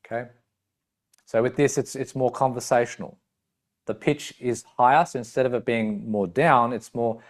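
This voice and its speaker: A man's voice: mid-range voice, normal speed. A man training coaches. He explains step by step, checks in with "right?" and "okay", and now and then acts out short voice samples. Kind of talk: teaching talk with demonstrations.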